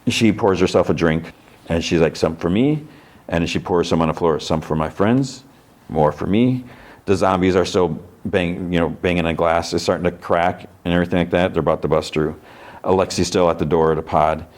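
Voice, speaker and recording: Very low-voiced man rambling through a recap. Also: flat delivery, fairly quick. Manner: rambling, filler-heavy, acts out quotes. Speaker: podcast host. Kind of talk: casual episode recap and review.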